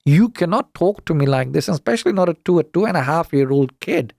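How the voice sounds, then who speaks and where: A middle-aged man from the UK, talking as a guest on an interview podcast. His voice sits slightly high and has a gravelly edge, and the room sound is dry and close. He tells stories with animated, indignant emphasis and acts out each side of the dialogue. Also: brisk, no echo. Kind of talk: casual storytelling interview.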